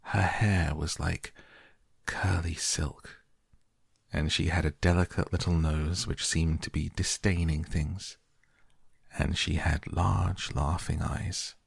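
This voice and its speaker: Male sleep-story narrator, deep husky voice, very slow, dry close sound. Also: fairly even intonation, dry recording. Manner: slow, hushed and unhurried. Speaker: audiobook narrator. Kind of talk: soft bedtime story reading.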